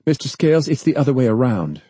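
A man's voice: mid-range voice, very animated, quick pace, slightly rough, dry recording, voice pushed up. A man reading aloud, voicing a cold, commanding woman official who speaks sharply and imperiously. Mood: scornful. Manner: sharp, imperious, rising to a shriek.

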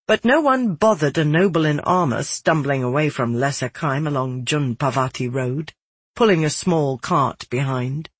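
Husky-voiced man narrating a somber fantasy. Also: on the high side, animated, moderate pace, fairly bright tone, no echo. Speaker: audiobook narrator. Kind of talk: first-person fantasy narration.

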